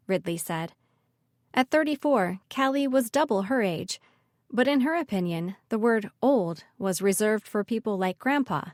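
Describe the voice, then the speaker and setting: A woman narrating a fantasy audiobook in an even, measured reading. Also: mid-range voice, no room sound, clean studio sound.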